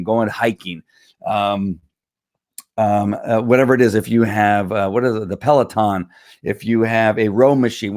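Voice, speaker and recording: A man streaming live from home, talking casually to viewers with a hoarse, tired voice, rambling with many fillers and throat clearing. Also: fairly low pitch, no echo, clean studio sound. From Southern California. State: hoarse, losing his voice. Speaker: live stream host selling wellness products. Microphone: computer or phone camera.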